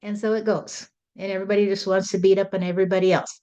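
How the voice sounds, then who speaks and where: A woman's voice: mid-range voice, level tone, quick pace, warm tone, smooth, close to an everyday voice. A woman channeling a folksy, rambling Jesus. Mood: earnest. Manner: folksy, rambling, repeats "you see". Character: Jesus as a folksy, frank male spirit. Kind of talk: channeled spirit talk. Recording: dull lo-fi recording.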